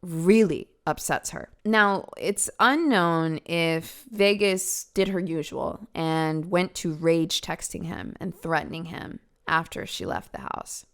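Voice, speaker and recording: Woman, true crime podcast host, smooth clear voice, casual storytelling, chatty asides. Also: fairly low pitch. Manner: conversational, chatty asides to the listener.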